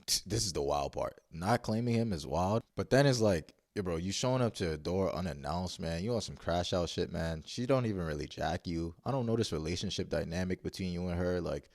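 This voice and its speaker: A man's voice: sits low, lively intonation, a little fast, a little mellow, dry recording, studio quality. A man casually telling a story-time tale in blunt, profane slang, rambling and restarting as he goes. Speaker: vlogger.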